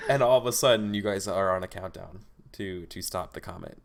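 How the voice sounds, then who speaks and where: A man running a tabletop game as game master, narrating events in a halting, casual way with repeated starts. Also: sits low, steady tone.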